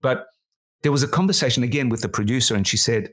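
A man from Australia, a comedy writer and producer, telling animated stories as a guest in a casual interview, with many restarts. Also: mid-range voice, fast, slightly rough.

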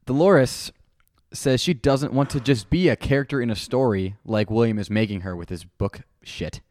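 A man's voice: medium pitch, normal speed, a little mellow, dry recording, studio quality. A man co-hosting a podcast, recapping episode events in casual chat with a jokey, rambling manner. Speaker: podcast co-host.

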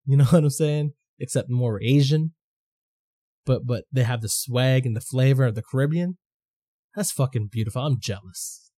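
A man's voice: mid-range voice, normal speed, warm tone. A man hosting a podcast, talking through his opinions in a loose, rambling, profane way. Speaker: podcast host. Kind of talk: casual opinion monologue.

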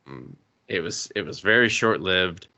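A man co-hosting a podcast in casual chat, sarcastic, profane and quick to laugh. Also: sits low, lively intonation, sharp tone. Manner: swearing, sarcastic, laughs often. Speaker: podcast co-host.

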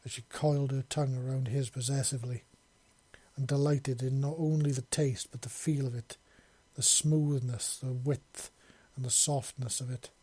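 A man narrating a romance story as an audiobook, steady, with small self-corrections. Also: mid-range voice, moderate pace, husky, dry recording.

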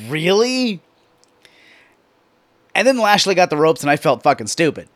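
Excitable, profane man recapping wrestling. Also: fairly high pitch, fast talker, no echo. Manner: excitable, profane, animated storytelling. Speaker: wrestling commentator reviewing a show.

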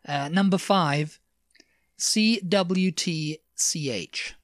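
A woman's voice: lowish voice, no echo, clean studio sound. A woman co-hosting a podcast, chatting playfully and drawing out words as she teaches them. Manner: playful, drawn-out pronunciations. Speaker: podcast co-host. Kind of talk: casual chat teaching words.

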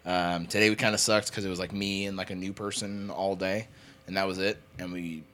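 A man's voice: low voice, flat delivery, fairly quick, fairly bright tone. A young man in his twenties, casually telling rambling stories on a podcast, swearing and laughing often. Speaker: podcast co-host. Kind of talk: casual chat.

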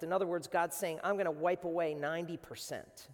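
A man preaching a sermon as a pastor, animated and swinging between quiet and loud. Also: a little high, brisk, hardly any pauses. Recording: long hall reverb.

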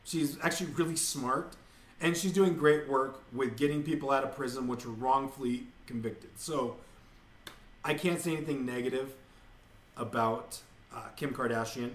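A man's voice: medium pitch, moderate pace. A man hosting a podcast at home, ranting in a casual, profane and exasperated way. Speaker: podcast host. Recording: echoey room.

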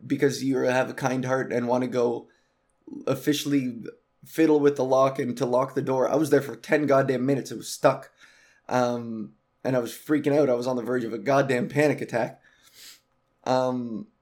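A man hosting a podcast, ranting casually and profanely about an exasperating travel story, heavy with swearing. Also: medium pitch. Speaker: podcast host.

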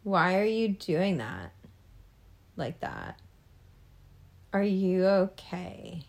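Young woman, slow easy pace, mid pitch, laughs a lot, chatty self-help vlogger. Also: sing-song. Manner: laughs often, acts out reactions, drawn-out delivery. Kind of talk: casual monologue.

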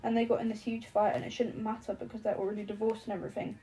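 A woman's voice: medium pitch, flat delivery, rapid-fire, mellow, lightly acted, rough recording. A woman reading an audiobook, voicing an impulsive young man who rambles, apologizes and swears. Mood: flustered.

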